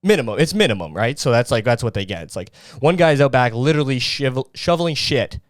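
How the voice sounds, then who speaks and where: A man's voice: mid-range voice, lively intonation, quick pace, no echo, clean studio sound. A young man from Canada hosting a comedy podcast, ranting sarcastically and profanely in a rambling monologue. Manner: sarcastic, profane, rambling with mock-naive voices. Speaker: podcast host.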